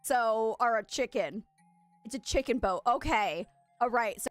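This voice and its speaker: A woman chatting on a gaming stream, excitable and quick to gasp. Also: on the high side, no room sound, soft background music. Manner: excitable, gasping, giggly. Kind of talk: live gaming stream chat.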